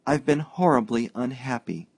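A man's voice: mid-range voice, expressive, moderate pace, gravelly, no room sound. A man reading an audiobook, voicing a shy, troubled young woman who speaks in a hesitant, earnest, faltering way.

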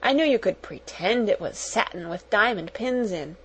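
A woman's voice: mid-range voice, lively intonation, normal speed, breathy edge, poor audio. A woman voicing a shy, eager young servant girl, speaking in timid, broken, dialect-heavy phrases in an audiobook. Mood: timid, grateful. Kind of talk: audiobook character voice.

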